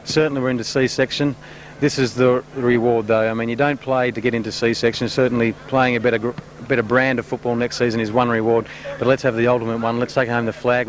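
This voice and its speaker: A man's voice: medium pitch, slight background noise. A man giving chatty colour and play-by-play commentary at an amateur football match. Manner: chatty, builds excitement calling play.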